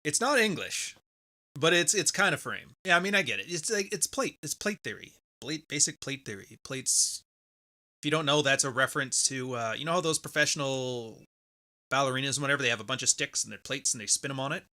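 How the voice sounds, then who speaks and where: A man's voice: mid-range voice, expressive, fairly quick, pushed and bright. A man hosting a podcast livestream, talking casually and rambling as he reads out viewer messages on a close microphone. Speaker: podcast host.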